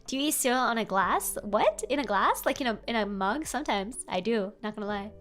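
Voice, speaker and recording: A young adult woman streaming casual advice chat, animated and playful, jumping up in pitch for emphasis. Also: brisk, soft background music. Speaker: vtuber streamer giving advice.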